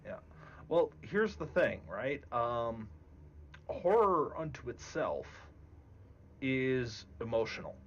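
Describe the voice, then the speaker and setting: A man speaking as a guest game master in a casual discussion, deliberate and emphatic. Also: mid-range voice, very animated, a bit bright, lo-fi sound, slight background noise.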